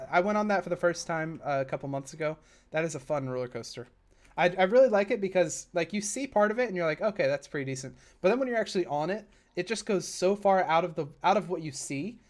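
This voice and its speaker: Chatty young-sounding male game streamer. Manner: chatty and rambling, drifting into side stories; excitable, with sudden high-pitched bursts. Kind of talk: casual live-stream commentary while building.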